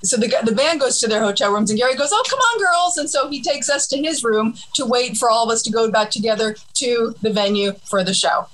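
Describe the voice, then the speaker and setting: A woman telling a long story in casual conversation, halting and animated, acting out other people's voices. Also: on the high side, a little hiss or hum, poor audio. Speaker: guest.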